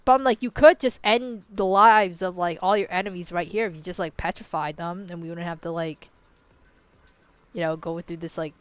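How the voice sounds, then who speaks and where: A woman's voice: fairly low pitch, moderate pace, smooth, no room sound, faint music behind. A young woman ranting casually and playfully, laughing often and filling her talk with "like" and "you know". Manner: playful, slightly profane. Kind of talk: casual rambling commentary.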